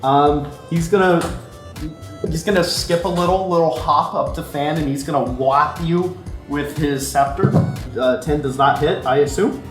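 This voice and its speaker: A man's voice: a little high, unhurried. A man running a tabletop game in casual, filler-heavy narration. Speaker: game master. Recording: roomy echo, faint music.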